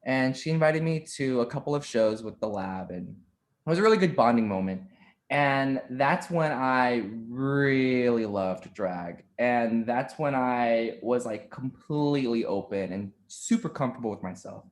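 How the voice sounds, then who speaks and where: A man in his twenties talks as a podcast guest, telling stories with animated energy and ready laughter. His pitch sits in an ordinary middle range. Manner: animated storyteller, quick to laugh. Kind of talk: casual interview chat.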